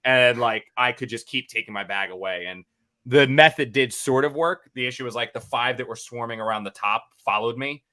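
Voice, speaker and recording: A young man co-hosts a podcast and spins a long, rambling story. His voice is bright and forceful, sitting at an ordinary pitch. He talks in an animated way, full of fillers and false starts. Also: fairly quick. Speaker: podcast co-host.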